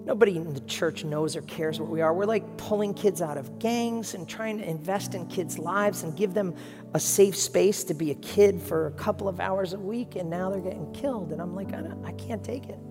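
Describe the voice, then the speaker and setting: A man's voice: high-pitched, normal speed, long reverb tail, music in the background. A man preaching a sermon as pastor, telling stories in an earnest, emotional way.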